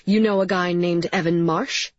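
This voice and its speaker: A woman's voice: on the low side, moderate pace, dry recording, lightly acted. Woman reading a cool, terse young interrogator. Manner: calm, terse. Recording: slightly dull, dry.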